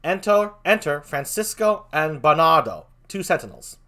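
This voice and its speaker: A man's voice: a little high, moderate pace. An older man hosting a casual read-through of a play, chatting in asides between parts. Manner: animated, chatty asides, swears and laughs. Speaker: host reading a play aloud. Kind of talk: casual dramatic reading.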